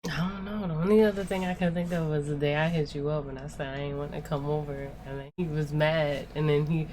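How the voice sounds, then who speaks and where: Low-voiced woman venting, swearing freely. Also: fast talker, a little hiss or hum. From Spanish-speaking background. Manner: animated, profane venting with lots of "like" and "yo". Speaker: podcast co-host. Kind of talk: casual storytelling chat.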